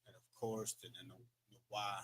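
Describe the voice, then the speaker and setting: A man's voice: on the low side, flat delivery, normal speed, a bit bright, slight background noise. A man teaching a language lesson from a board in a loose, conversational way, full of fillers and repeated words. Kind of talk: teaching from a board, casual lecture. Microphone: streaming setup.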